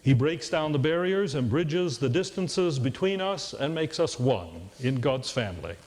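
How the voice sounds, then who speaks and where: A man preaching a sermon as pastor, measured and earnest with touches of dry humor. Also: a little high, lively intonation, a little mellow. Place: church sanctuary. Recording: long hall reverb.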